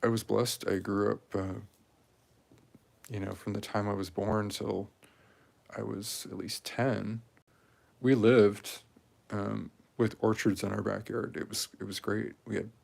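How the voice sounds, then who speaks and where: Man, forties, gravelly, lowish pitch, rambling casual talk, craft video. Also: level tone, takes it slowly, darkish tone. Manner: rambling, with many fillers and restarts.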